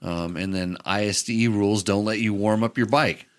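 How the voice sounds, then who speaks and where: A man hosting a casual podcast, haltingly reading out viewer questions. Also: lowish voice, steady tone, smooth. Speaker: podcast host.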